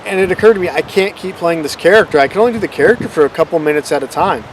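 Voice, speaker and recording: A man's voice: a little high, very fast, a little hiss or hum, rough recording. A man hosting his own channel, rambling in a casual, self-deprecating way about how his videos came about. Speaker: channel host. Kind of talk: casual unscripted vlog rambling.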